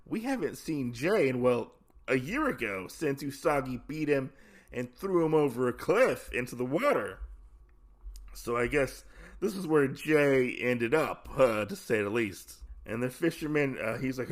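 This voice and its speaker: Guy rambling thru a comic recap, jokes around, keeps correcting himself, normal pitch. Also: animated, normal speed. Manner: rambling, self-correcting, jokey. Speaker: comic podcast host. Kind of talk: casual recap and commentary.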